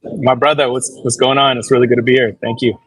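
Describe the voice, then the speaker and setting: A man's voice: medium pitch, flat delivery, fast talker, a bit bright, slightly rough, low-quality recording. A man serving as vice chair of a nonprofit board, telling his story in a laid-back, slangy way. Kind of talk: casual interview answer.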